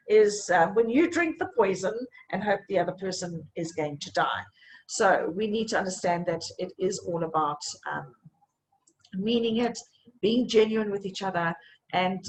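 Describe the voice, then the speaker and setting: A woman's voice: mid-range voice, a little hiss or hum, poor audio. A woman coaching a group in a live online session, talking in an encouraging way and checking in often with "okay?".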